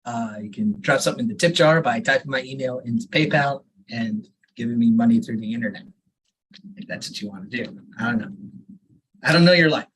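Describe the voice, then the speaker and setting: A performer at an online open mic reads a serialized story and then chats casually. The voice is husky and the delivery dry and wry. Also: mid-range voice, a little fast, a bit bright, rough recording. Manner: laid-back, wry.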